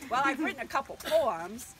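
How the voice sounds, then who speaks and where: An older woman with a high, expressive voice speaks at a moderate pace over a noisy crowd, and the audio is poor. At her book launch party she gives a casual, nervous speech thanking family and friends, chatty and full of ums and laughs.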